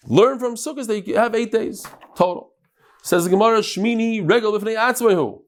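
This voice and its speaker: A man teaching a daily Talmud class to a live audience in a study hall, lively and joking, with Hebrew and Aramaic terms in his English. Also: high voice, moderate pace.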